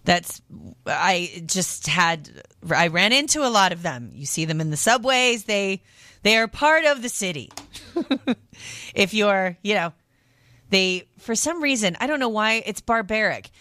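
A woman hosting a radio shopping show, chatting casually and animatedly, reacting with loud disgust and telling stories. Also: medium pitch, expressive, measured pace, no room sound. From lived in New York.

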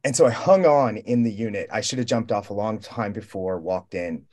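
A young man in a relaxed roundtable chat, spinning a long story in a loose, profane, rambling way. He keeps slipping into the voices of the people he met and quoting them. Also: on the low side, normal speed. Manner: rambling, profane, animated storytelling with quoted dialogue. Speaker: roundtable guest. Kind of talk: casual storytelling.

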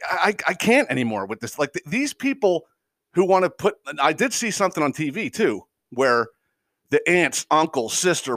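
A man's voice: fairly high pitch, fairly bright tone, dry recording, clean studio sound. A man hosting a podcast, ranting casually and heatedly, swearing constantly and stammering when worked up. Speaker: podcast host. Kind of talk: casual profane rant.

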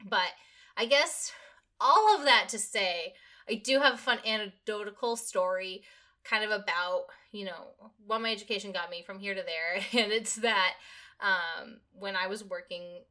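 A woman's voice: mid-range voice, unhurried. A young woman hosting a podcast, telling a work story in casual chat and acting out what people said. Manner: animated storyteller, acts out quotes. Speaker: podcast host.

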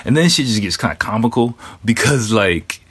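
A man with a notably deep, low voice tells a personal story off the cuff. He rambles, restarts and drops curse words and fillers all the way through, in plain casual talk. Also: animated, normal speed, fairly bright tone, husky. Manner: rambling, profane, many fillers.

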